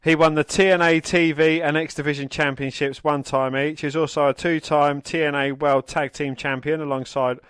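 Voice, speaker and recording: A man's voice: fairly high pitch, little pitch movement, normal speed, few pauses, a bit bright, clean tone, no echo. A man co-hosting a podcast, reading out news items plainly and swearing freely when he chats. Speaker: podcast co-host.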